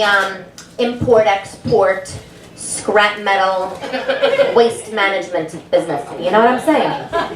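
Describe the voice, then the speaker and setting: A brash stand-up comic with a New York accent, a woman whose pitch sits a little high and leaps all over as she punches her lines. The room echoes around her, and the mic sounds set back from her voice. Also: fairly bright tone. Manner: brash, punchy delivery with big pitch swings. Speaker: stand-up comedian. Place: comedy club stage. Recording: echoey club room, mic heard from a distance.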